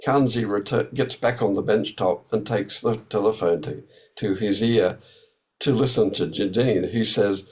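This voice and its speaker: Lowish-voiced man giving an academic talk. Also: moderate pace, darkish tone, low-quality recording. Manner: hesitant, with frequent fillers and restarts; thoughtful, explanatory. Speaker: academic speaker.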